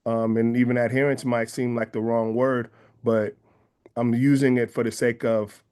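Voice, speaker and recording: A man from the San Francisco Bay Area with a Bay Area accent, speaking as an interview guest in an earnest, measured way and often rephrasing his ideas. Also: medium pitch, a little mellow, clean tone. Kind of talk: reflective interview conversation.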